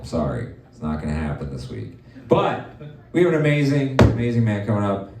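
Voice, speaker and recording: Brief: loud, manic male comedy host with a lively, swooping voice, recorded in a roomy club. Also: low-pitched, a little hiss or hum. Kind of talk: stand-up comedy hosting. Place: live comedy venue with audience. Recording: roomy live venue, mic at a distance.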